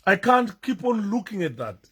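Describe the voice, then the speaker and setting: Male commentator reacting to video footage, emotional and emphatic, with a wide, animated pitch. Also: moderate pace, breathy edge. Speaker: political commentator. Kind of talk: commentary over video clips.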